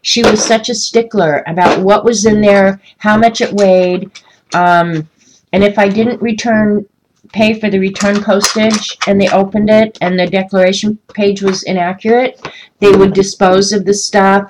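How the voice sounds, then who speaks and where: A woman's voice: mid-range voice, fairly even intonation, normal speed, noisy background. A woman hosting a casual live stream while coloring, chatting and ranting, answering viewers by name. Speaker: livestream host coloring art.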